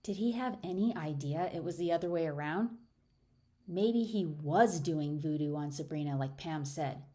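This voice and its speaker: Woman narrator, low mellow voice, expressive audiobook reading. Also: moderate pace. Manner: expressive, raises pitch for dialogue.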